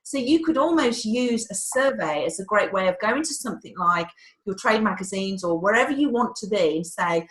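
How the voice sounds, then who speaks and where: A woman's voice: medium pitch, animated, moderate pace, fairly bright tone, roomy sound. A woman hosting a live webinar, chatty and a little flustered by the technology. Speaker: webinar host.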